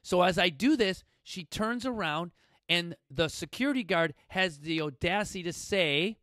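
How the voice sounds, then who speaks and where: A gym founder and podcast host in his forties, with a slightly higher voice, tells a motivational story straight to the audience in a coastal Southern California gym studio. He's expressive, emphatic and blunt, moving between loud bursts and quiet asides at normal speed. The recording is close and dry with no room sound.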